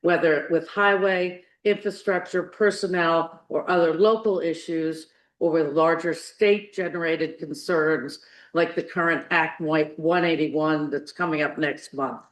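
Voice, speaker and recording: A man's voice: a little high, fairly even intonation, unhurried, a bit bright. A man giving a prepared, earnest speech as a candidate for the town's select board at a public meeting. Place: town meeting hall. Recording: echoey meeting room.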